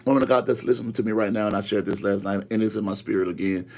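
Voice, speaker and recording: A man's voice: on the low side, fairly even intonation, very fast, a little mellow. A man preaching a live online prophetic sermon, fervent and repetitive, urging listeners to say the words back to him. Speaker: pastor.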